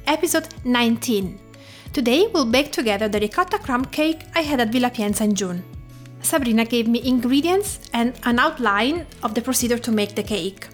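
A woman from Tuscany with an Italian accent, hosting a cooking podcast in scripted narration that lingers on food details. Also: fairly high pitch. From Tuscany, Italy. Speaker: podcast host.

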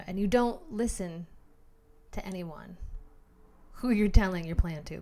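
Her voice sits fairly low as this podcast host gives energetic, motivational advice. She talks directly to the listener in the manner of a coach.

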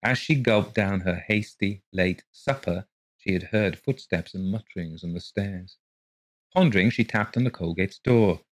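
A man narrating a ghost story in a measured, steady reading voice. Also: sits low, no room sound.

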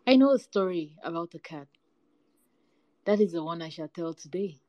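A woman's voice: lowish voice, lively intonation, moderate pace, no echo, muffled recording, natural voice. A woman voicing a kindly old grandmother who tells stories to children. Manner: gentle, kindly. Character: old grandmother storyteller, warm and chuckling.

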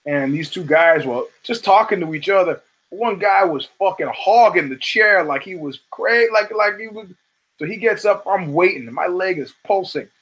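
Profane, animated American man telling stories. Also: sits high, moderate pace, low-quality recording. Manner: profane, animated storyteller who acts out quotes. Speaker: show host. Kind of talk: casual monologue, storytelling.

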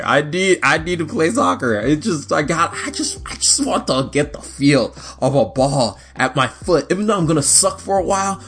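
A man's voice: medium pitch, a bit bright, breathy edge. A young man hosting a casual solo podcast, chatty and rambling. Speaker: podcast host.

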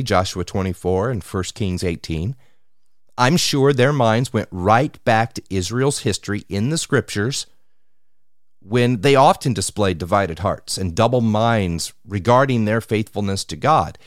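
A man preaching a sermon on scripture, measured and deliberate, slowing down to stress key words. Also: fairly low pitch, no room sound, studio quality. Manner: measured, slows for emphasis on scripture.

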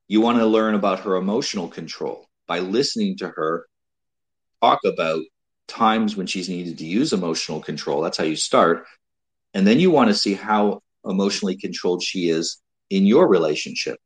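A man hosting a casual advice talk, speaking in a measured way with frequent restarts and repeated words. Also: deep voice, breathy edge, low-quality recording. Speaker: host giving dating advice.

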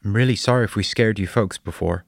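A man's voice: lowish voice, fast talker, vocal fry, no room sound, clean studio sound, voice pushed up. A man voicing a friendly woman who leads a retreat group and talks in a welcoming, folksy way.

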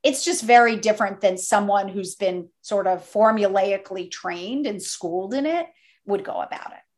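A middle-aged woman, a toy company co-founder, telling animated stories as an interview guest. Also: medium pitch, normal speed. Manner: animated, enthusiastic storyteller. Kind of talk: interview storytelling.

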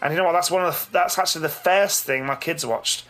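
Bright-voiced man, blunt and sweary. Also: a little high, quick pace. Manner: swears freely, blunt and jokey. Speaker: podcast co-host. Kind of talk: casual chat.

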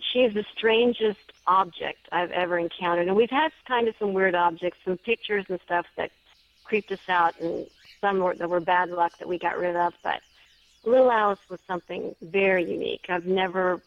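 A woman's voice: on the low side, fairly even intonation, moderate pace, vocal fry. A woman author telling a story as an interview guest, chatty and earnest. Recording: dull dry lo-fi sound.

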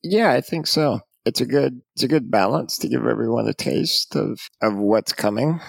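A man as a podcast guest, talking in a serious, measured, quiet way. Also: medium pitch, lively intonation, gravelly, slightly rough, no room sound. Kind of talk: conversational interview.

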